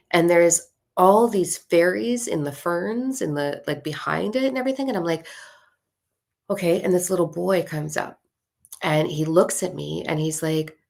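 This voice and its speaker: A woman's voice: on the low side, moderate pace, creaky. A woman telling a personal spiritual story in a casual way, swearing and acting out the voices of people in it. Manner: animated, swears, acts out voices in her story. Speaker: spiritual content creator.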